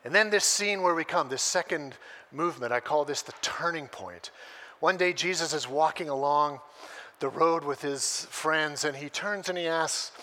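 A man preaching a sermon as a pastor, telling a story with lively energy and acting out the voices he quotes. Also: on the high side, fairly quick.

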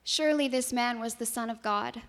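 A woman slowly reading scripture in a measured way, her voice softening on the quoted words. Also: on the high side. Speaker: scripture reader. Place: church. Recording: long hall reverb.

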